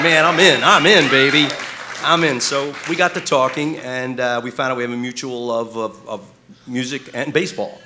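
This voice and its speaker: A middle-aged man stands before a live audience and introduces the main guest with a long, meandering anecdote. His voice is bright and forward, and he stumbles through fillers and restarts. He pokes fun at himself as he goes. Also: medium pitch, fairly quick, a faint crowd, slight background noise. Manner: rambling, self-deprecating storyteller with fillers and restarts.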